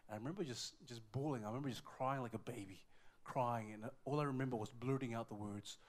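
A male preacher delivering a heartfelt sermon in a church, his pitch sitting in the middle range. He tells his story with deep emotion, drops to near whispers, then rises to loud pleading, and often repeats his words. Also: fast. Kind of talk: sermon with personal testimony.

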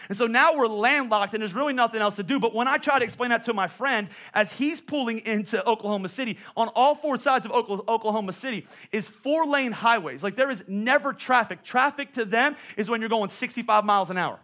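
Fast-talking, bright-voiced male pastor. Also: very high-pitched. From Pennsylvania. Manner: animated storytelling with asides to the congregation. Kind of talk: sermon.

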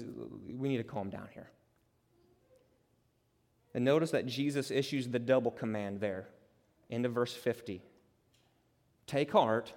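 Preacher in an echoing hall. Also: male voice, medium pitch. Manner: conversational, dramatic, builds to loud emphatic peaks. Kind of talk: expository sermon. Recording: long reverb of a large hall.

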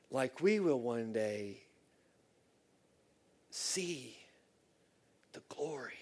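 A middle-aged male pastor preaching a heartfelt sermon, telling a personal story with swings from loud bursts to near whispers. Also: on the low side. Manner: earnest, emotional storytelling with sudden loud bursts and soft, near-whispered lines.

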